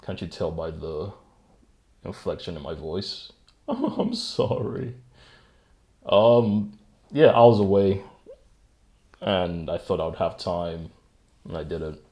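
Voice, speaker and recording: A man's voice: low-pitched, measured pace, pauses often, warm tone. A man hosting a solo podcast, rambling casually in a self-mocking way and chuckling at himself, speaking into a desk mic at home. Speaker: podcast host. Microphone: desk microphone.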